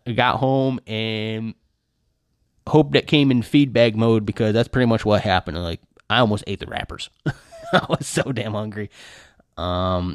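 A man hosting his own podcast, telling a rambling story in a casual, animated way with lots of filler words. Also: fairly low pitch, no room sound, clean studio sound. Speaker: podcast host. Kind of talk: casual solo podcast chat.

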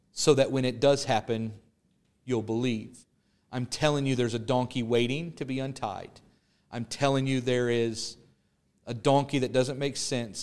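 Male pastor, mid-pitched voice, earnest preaching cadence full of repeated lines and slow emphatic words. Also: darkish tone. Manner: prayerful, pleading close. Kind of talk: sermon. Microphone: podcast or online service recording.

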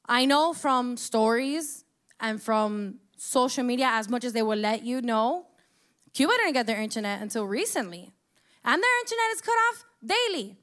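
A woman's voice: on the high side, animated, moderate pace, a bit bright. A young woman from the United States giving an impassioned personal monologue, emotional and close to tears, swearing as she speaks.

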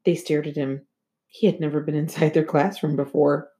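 A woman narrating a children's chapter book aloud in an expressive, storytelling manner. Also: low voice, moderate pace. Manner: lively and expressive. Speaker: audiobook reader.

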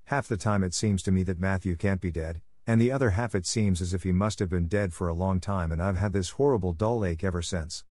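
A man's voice: sits low, brisk, few pauses, darkish tone, no room sound, studio quality. A man reading aloud voices a grieving, earnest orphan girl in a raised voice.

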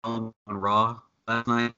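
A man co-hosting a wrestling chat over a video call, talking casually with lots of swearing and getting louder and higher when he is worked up. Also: slow pace, smooth. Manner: profane, animated, rises sharply when worked up. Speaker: wrestling podcast co-host. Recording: dull lo-fi video call audio.

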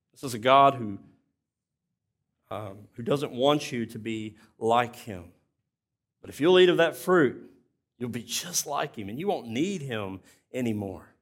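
A man preaching a sermon as pastor, plainspoken and conversational, often restarting his sentences. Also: mid-range voice.

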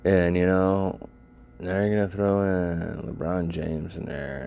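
A man's voice: low voice, slow pace, vocal fry, dark tone, slight background noise. An older man talking casually and rambling to his viewers, with lots of fillers and swearing. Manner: rambling, profane, frequent fillers. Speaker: vlogger.

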